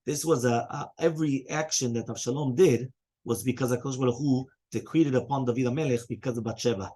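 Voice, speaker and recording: Guy rabbi going quick through the talmud page, husky voice, reads the hebrew then explains. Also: mid-range voice, steady tone, mellow. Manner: quick explanations mixing in Hebrew and Aramaic quotes. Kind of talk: casual Talmud class.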